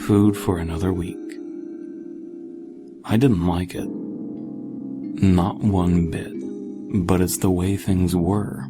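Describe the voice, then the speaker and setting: Deep-voiced man narrating creepy tales. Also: steady tone, slow, pauses often. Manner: dry, sardonic storytelling. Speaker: horror story narrator. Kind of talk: scripted narration. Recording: music playing behind.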